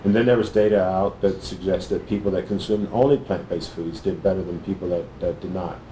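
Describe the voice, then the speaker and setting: A man, a cardiologist, answering interview questions in a measured, thoughtful way with frequent pauses and fillers. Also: low voice, steady tone, warm tone, echoey room, a little hiss or hum.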